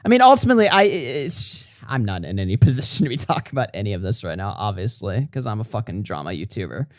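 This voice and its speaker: Male podcast host, lively pitch swings, dry close sound, casual and profane. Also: quick pace, dry recording. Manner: animated, swearing, laughing often.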